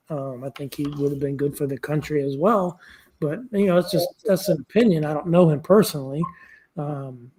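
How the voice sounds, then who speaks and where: A man's voice: a little high, darkish tone, husky. A man co-hosting a casual chat, giving frank opinions in a wry, repetitive way. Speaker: co-host.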